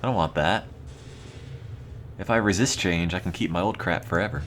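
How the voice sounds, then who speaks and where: The background is noisy as this low-pitched young American, speaking with an East Coast accent at normal speed, chats casually on a game stream. His rambling has a dry, mock-serious tone.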